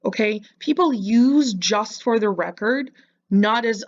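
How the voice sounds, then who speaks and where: A woman's voice: fairly high pitch, measured pace, dull audio. A woman giving casual reaction commentary, mocking and lecturing the person in a clip.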